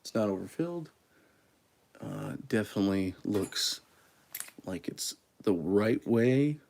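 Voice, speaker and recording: A man hosting a casual coffee livestream, chatty and quick to laugh at his own mistakes. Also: on the low side, lively intonation, gravelly, a little mellow. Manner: self-deprecating, chatty, laughs at himself. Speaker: coffee channel host. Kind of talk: casual livestream chat while making espresso.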